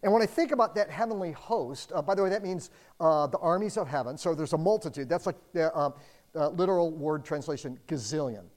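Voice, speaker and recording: Chatty, animated middle-aged preacher. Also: mid-range voice, a little fast. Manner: conversational, dotted with "like" and "you know"; animated, with swings between loud and hushed delivery. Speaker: pastor. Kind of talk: sermon. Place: room with a congregation.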